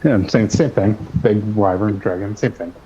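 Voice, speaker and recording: A man's voice: lowish voice, normal speed, warm tone, muffled recording, slight background noise. A man playing in a tabletop game, chatting in a laid-back, joking way. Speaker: player. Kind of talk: casual chat in a tabletop game.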